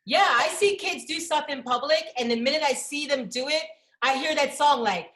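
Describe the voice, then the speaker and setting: A woman's voice: high-pitched, normal speed, echoey room. A woman, a comedian guest, telling funny stories in casual podcast chat and acting out voices. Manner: animated, acts out voices in stories.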